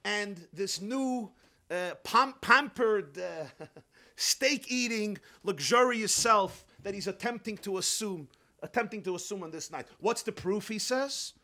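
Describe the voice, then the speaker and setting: A man preaching as a rabbi, telling a parable with lively swings from quiet asides to loud outbursts, with a manner. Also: high voice, unhurried. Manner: animated, swings from hushed to shouting, acts out characters. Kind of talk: sermon storytelling.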